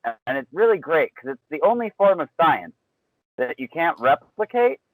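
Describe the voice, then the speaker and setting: A man talking as a podcast guest, explaining his points in a measured way with some dry wit. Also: fairly high pitch, sing-song, dry recording, rough recording. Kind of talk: casual podcast chat.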